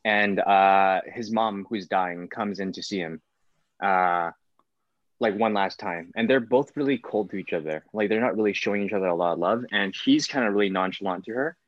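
A man's voice: on the low side, moderate pace, dry recording. A man, an actor, talking casually in an interview, rambling with many fillers. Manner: rambling, full of fillers like "like" and "whatnot". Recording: dull, lo-fi sound.

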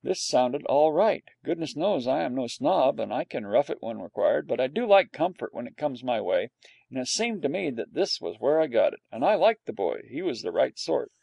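A man with a gravelly voice reading a storybook aloud in a dry, wry first-person telling. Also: medium pitch, sing-song, normal speed, mellow, dry recording. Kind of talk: storybook narration.

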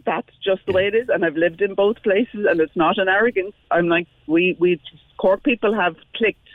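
A woman's voice: medium pitch, moderate pace, no echo. Lady phoning into a show, earnest and keen, tinny dry phone sound. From Ireland, Dublin. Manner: earnest, enthusiastic. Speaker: radio caller. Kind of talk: phone-in chat.

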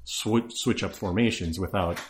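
A man chatting casually as a guest on a podcast, breaking down football in a thoughtful, halting way with dry jokes. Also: low voice. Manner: analytical, hesitant restarts, dry jokes. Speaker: sports-knowledgeable guest.

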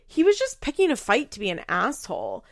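A woman's voice: on the high side, huge pitch swings, fairly quick, fairly bright tone, no room sound, studio quality. A woman chatting casually as she recaps a reality show, laughing often and saying "like" a lot. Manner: chatty, laughing, heavy use of "like".

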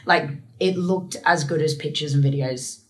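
A young woman with a low voice tells stories as an interview guest. She is laid-back and easygoing. She fills her pauses with frequent ums. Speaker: guest ultramarathon runner. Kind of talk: casual interview storytelling.

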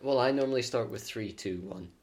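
A man's voice: medium pitch, a little fast, background noise. A man co-hosting a casual podcast chat, stumbling over words and joking at his own expense. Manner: stumbling, self-deprecating. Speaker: podcast co-host.

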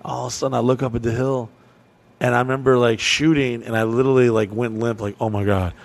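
A man from Kentucky hosting a podcast, telling a story in a profane, animated way, full of "like" fillers. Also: medium pitch, fast, creaky. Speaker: podcast host. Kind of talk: casual storytelling.

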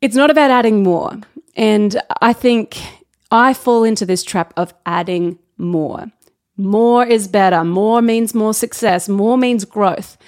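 A woman hosting her own business podcast. She talks casually and candidly, with quick asides and self-corrections. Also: mid-range voice, darkish tone, smooth. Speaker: podcast host. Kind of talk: casual solo podcast talk.

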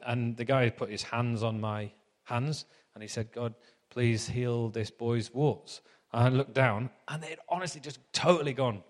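A man's voice: mid-range voice, in a large hall. A man preaching a sermon in a chatty, anecdotal storytelling manner.

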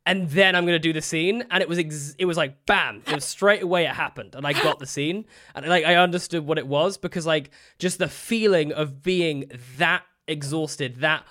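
A man's voice: on the high side, normal speed, hardly any pauses, bright, forceful tone. A man co-hosting a podcast in casual chat, rambling with many fillers and easy laughter. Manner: chatty, lots of fillers, laughs easily. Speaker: podcast co-host.

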